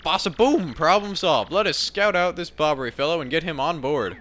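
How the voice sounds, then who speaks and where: Pompous showboat captain, voiced by a man; grand and theatrical, bright and highish. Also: a little fast, soft background music, natural voice. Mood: grandiose. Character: pompous flamboyant male merchant captain.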